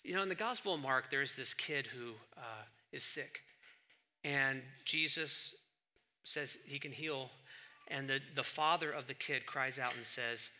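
A middle-aged man preaching a sermon, swinging between loud emphatic bursts and quiet asides. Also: mid-range voice, a little slow, a little hiss or hum. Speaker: pastor.

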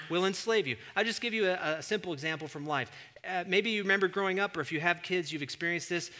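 Casting: male pastor, higher-pitched, very bright and forceful delivery, animated storyteller, long church-hall reverb. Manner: animated storyteller, surges to emphatic near-shouts. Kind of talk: sermon. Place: church sanctuary.

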